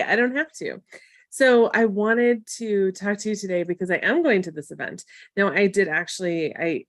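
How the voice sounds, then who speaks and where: A woman's voice: mid-range voice, dry recording, clean studio sound. A woman coaching viewers in a casual live stream, chatty and encouraging with tough-love asides. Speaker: marketing coach hosting a live Q&A.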